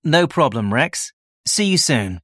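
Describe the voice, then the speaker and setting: A man's voice: medium pitch, very animated, a little slow, a bit bright, no echo, clean studio sound. A man as a workshop tutor in a scripted listening-test dialogue, explaining his plans plainly. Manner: explains plans plainly, answers questions readily.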